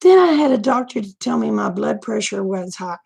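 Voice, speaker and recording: A woman's voice: fairly high pitch, expressive, fairly quick, vocal fry, a little mellow, husky. A middle-aged woman, chatting frankly and folksily to her viewers, laughing often. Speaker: vlogger. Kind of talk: casual livestream chat.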